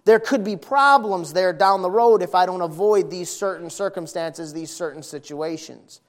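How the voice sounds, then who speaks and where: High-voiced man preaching a folksy sermon. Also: normal speed. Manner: animated, folksy storytelling with emphatic repetition.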